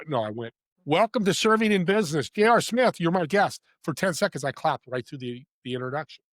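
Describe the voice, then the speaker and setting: An enthusiastic man tells stories as a guest on a podcast, in casual interview chat full of emphatic energy and asides. His voice sits a bit high, and the recording is dry and close.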